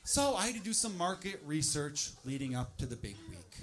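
A man doing a stand-up comedy set, swinging into loud, exasperated acted-out asides. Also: fairly high pitch, sing-song, moderate pace, a crowd in the background.

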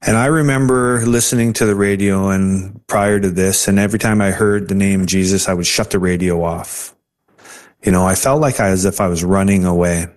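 A man's voice: deep voice, fairly even intonation, normal speed. A man in an interview, telling his personal testimony earnestly with hesitant restarts. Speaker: interview guest.

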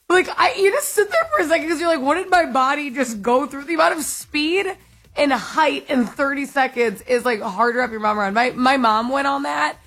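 A woman co-hosting a casual radio chat, telling stories in an animated way and often laughing. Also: sits high, moderate pace. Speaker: co-host.

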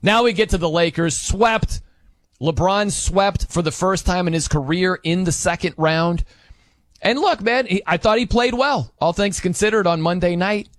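A man's voice: high-pitched, normal speed, a bit bright, dry recording. A man hosting a casual sports talk show, talking in a chatty, conversational way. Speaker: sports podcast host.

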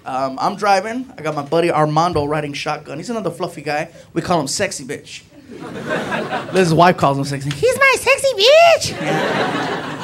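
A male stand-up comedian telling an animated, crude story on a club stage and acting out the voices of the people in it. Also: a little high, moderate pace. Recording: echoey club recording with noise.

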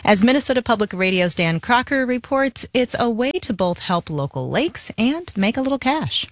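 A woman hosting a morning radio news program with a crisp, even delivery. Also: on the high side, moderate pace, no echo. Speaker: news host.

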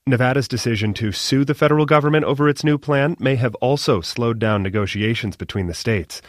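A man reporting for a member radio station in a clear, even delivery. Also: medium pitch, a little fast, no room sound, clean studio sound.

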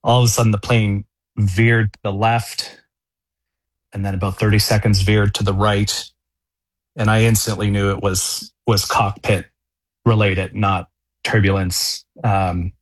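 A middle-aged man speaking as a radio interview guest, halting, with many fillers and restarts. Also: on the low side, flat delivery, dry recording. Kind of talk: casual phone-in interview.

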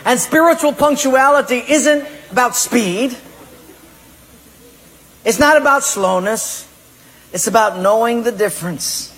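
A man's voice: sits high, fairly bright tone. A male pastor preaching a sermon, questioning the congregation directly between stories. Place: church hall. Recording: echoey hall reverb.

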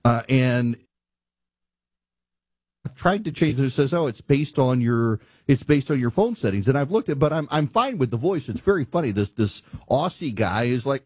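A man with a husky, slightly breathy voice speaks in a middle pitch, rolling through an exasperated monologue. The sound is dry and close, with little room around it. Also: lively intonation, moderate pace, a little mellow, dry recording. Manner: ranting, incredulous, laughing at his own stories. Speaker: talk show host. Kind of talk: casual monologue.

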